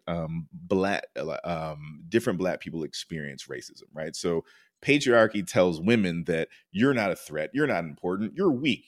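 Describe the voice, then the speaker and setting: A man speaking as a counselor in a candid interview, informal and rambling, often asking "right?" and getting loud and high when excited. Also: dry recording, clean studio sound. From United States. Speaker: counselor and podcast guest.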